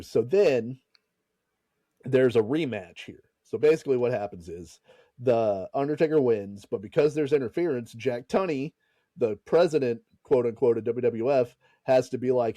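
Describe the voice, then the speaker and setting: A man's voice: medium pitch, normal speed, warm tone, no echo. A man hosting a podcast, casually retelling a story and laughing and swearing as he goes. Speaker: podcast host.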